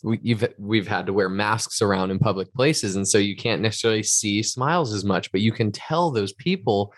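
A man's voice: on the low side, moderate pace, no echo, studio quality. A man co-hosting a podcast, talking casually and earnestly in a reflective, motivational way. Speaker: podcast co-host. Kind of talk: casual chat.

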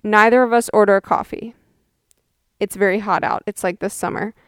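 A young woman in her twenties hosts a podcast, spinning a casual story in a chatty, wry manner and imitating people in exaggerated voices. Her mid-range voice is steady, a bit bright, clear and resonant, at a moderate pace, captured in a dry, clean studio recording.

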